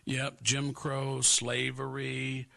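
Sarcastic male talk host with a bright, gravelly voice and an emphatic, repetitive delivery. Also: mid-range voice, completely flat delivery, very slow, a little hiss or hum. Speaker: political talk show host. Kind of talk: opinionated political commentary.

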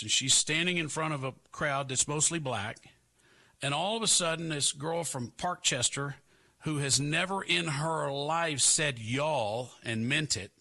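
Sarcastic male talk host with a bright, gravelly voice and an emphatic, repetitive delivery. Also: fairly high pitch. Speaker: political talk show host. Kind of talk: opinionated political commentary.

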